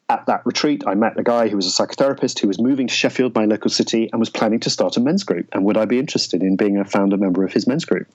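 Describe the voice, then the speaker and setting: Guest, male, low-ish voice, thoughtful storytelling, searches for words; dull lo-fi sound. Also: darkish tone. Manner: halting, searching for words, many restarts. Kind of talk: reflective storytelling in conversation.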